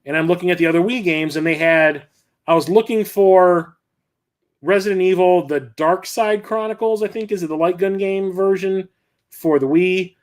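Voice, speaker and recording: Middle aged guy rambling through a story on his stream, slightly high voice. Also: normal speed. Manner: rambling, conversational storytelling with frequent restarts. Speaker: host. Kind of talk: casual livestream chat.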